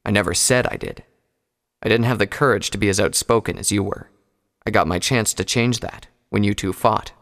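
A man voicing a reserved, loyal stallion soldier who speaks quietly and sincerely. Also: fairly low pitch, a little fast. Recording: long hall reverb.

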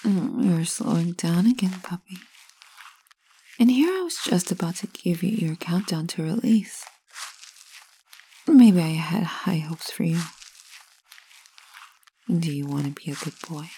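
A woman in a whispered role-play, speaking in a teasing, commanding way with a breathy whisper. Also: on the low side, lively intonation, measured pace, pauses often, mellow, a little hiss or hum.

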